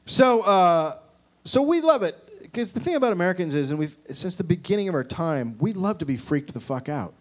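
A man in his forties doing a rambling, profane stand-up set, with shouted mocking impressions. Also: sits high, very animated, moderate pace. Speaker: stand-up comedian. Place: comedy club stage with live audience.

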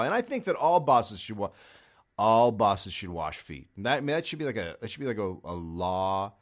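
A man's voice: fairly low pitch, very animated, moderate pace. A man from America doing a rambling, profane comedy monologue, sarcastic and acting out little voices. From United States.

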